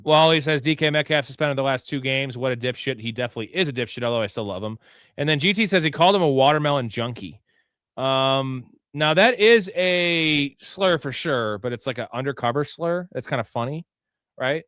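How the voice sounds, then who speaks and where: A man's voice: mid-range voice, animated, a little fast, fairly bright tone, smooth, dry recording, clean studio sound. Profane, rambling man hosting live. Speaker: fantasy football show host. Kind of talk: casual live show chat.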